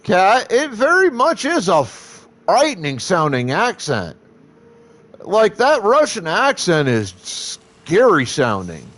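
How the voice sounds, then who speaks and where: A man's voice: sits high, wildly swooping pitch, slow pace, a bit bright. A man streaming a game live, chatting casually and rambling, swearing freely as he talks to his chat.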